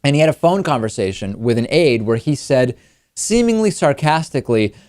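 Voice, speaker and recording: A man's voice: mid-range voice, very animated, darkish tone, no room sound, clean studio sound. A man hosting a political talk show, giving emphatic, argumentative news commentary. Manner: emphatic, argumentative, quickens when pressing a point.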